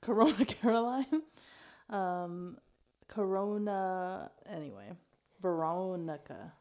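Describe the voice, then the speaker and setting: A young woman co-hosting a casual podcast chat, giggly and quick with quips. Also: medium pitch, lively intonation, a little mellow. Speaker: podcast co-host.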